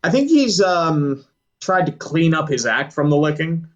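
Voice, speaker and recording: A man's voice: fairly high pitch, big pitch swings, measured pace, dull audio. A man co-hosting a sports talk stream, dropping dry wisecracks. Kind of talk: casual sports chat.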